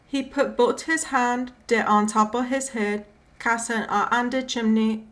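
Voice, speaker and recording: A woman's voice: a little high, steady tone, unhurried, fairly bright tone. A woman reading a dialect Christmas poem aloud, putting on a Cajun accent with a drawling, rhyming storybook cadence. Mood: folksy. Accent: put-on Cajun.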